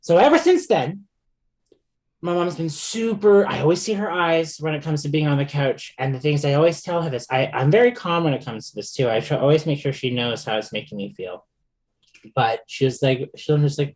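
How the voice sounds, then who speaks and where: Halting, laughing man telling stories. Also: a little high. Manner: halting, restarts often, laughs between stories. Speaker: podcast guest. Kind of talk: casual chat.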